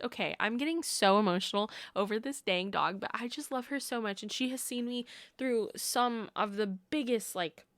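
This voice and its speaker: A woman's voice: on the high side, moderate pace, a bit bright, dry recording. A woman in her twenties hosting a casual podcast, gushing and sentimental as she chats. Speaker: podcast host. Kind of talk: casual chat.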